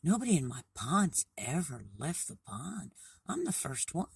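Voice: mid-range voice, very animated, measured pace, gravelly, a little mellow, husky, no echo, clean studio sound, heavily acted. A storyteller voicing a small, curious young male frog who loves to travel, speaking in a raised, sometimes whispered voice.

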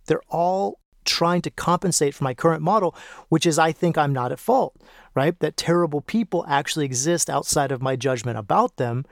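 A man talks through a lesson on his own podcast, calm and reflective, and keeps coming back to the same phrases to drive a point home. His voice sits a little high for a man. The sound is dry and close, with no room around it. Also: normal speed, creaky, no room sound. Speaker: podcast host. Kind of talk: solo teaching talk.

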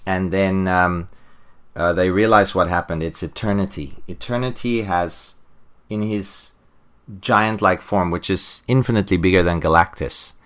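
A man hosting a casual podcast, excitedly retelling a comic-book story with lots of fillers and restarts. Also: deep voice, unhurried, smooth. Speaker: podcast host.

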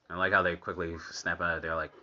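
A man's voice: sits low, pushed and bright, dull audio, slight background noise. A man giving casual commentary while watching a cartoon episode. He laughs often and chats in an easy way. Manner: laughs often, unhurried and chatty.

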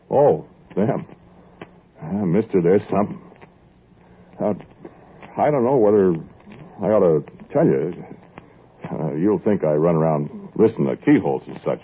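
A man's voice: low voice, expressive, unhurried, pauses often, husky. A man narrating and acting the lead in a 1940s radio drama, talking in a hesitant, rambling, pleading way. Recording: tinny old radio broadcast with music.

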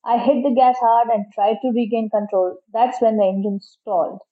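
A woman's voice: a little high, normal speed, narrow, tinny audio. Woman reading an adventure story aloud. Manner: lively, dramatic. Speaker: story reader. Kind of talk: storybook narration.

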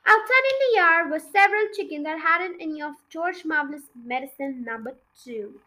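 Woman reading a kids book aloud, lively, really high voice. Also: moderate pace, rough recording. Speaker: podcast storyteller.

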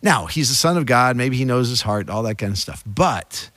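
Animated man in casual faith chat. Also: medium pitch, moderate pace, dry recording. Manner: animated, acts out quoted lines, many restarts. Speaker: podcast co-host.

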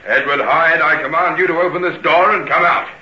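An actor playing a brisk, authoritative police inspector in a radio play, giving clipped orders. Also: male voice, a little high, pushed and bright. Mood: commanding. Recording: echoey muffled old radio recording.

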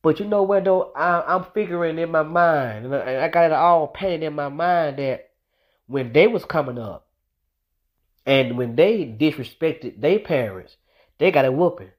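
A man's voice: fairly high pitch, animated, normal speed. A young man telling a personal story in a casual monologue, emphatic and repetitive as he drives his point home. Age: young adult. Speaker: vlogger.

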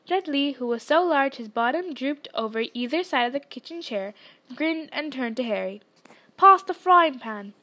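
Woman audiobook reader, high-pitched, expressive storytelling. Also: normal speed. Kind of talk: reading a novel aloud.

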